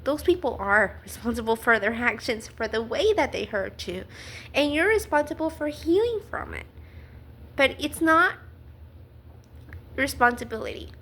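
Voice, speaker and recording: A woman talking to camera in a personal vlog, earnest and halting, with many fillers, restarts and small nervous laughs. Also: a little high, very animated, fairly bright tone, husky. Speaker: vlogger.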